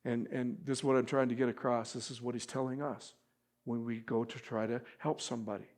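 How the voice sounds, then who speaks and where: A man preaching a sermon as pastor, swinging from loud emphatic appeals to quiet asides and acting out quoted speech with feeling. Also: medium pitch, steady tone, brisk.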